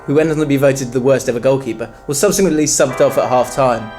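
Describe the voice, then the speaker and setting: A man's voice: mid-range voice, quick pace, music in the background. Jokey man reading listener stories. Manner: reads listener stories aloud, jokey and swearing. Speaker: podcast co-host. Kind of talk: casual football podcast chat.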